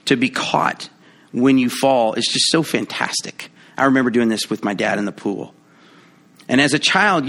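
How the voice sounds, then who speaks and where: A man preaching a sermon in a conversational, playful way, acting out quoted voices with big jumps in pitch. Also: fairly bright tone. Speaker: pastor.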